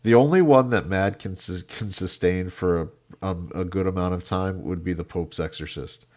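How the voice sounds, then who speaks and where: A man hosting a casual political panel show, talking fast with quick asides and cutting in on others. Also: sits low, darkish tone. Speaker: host.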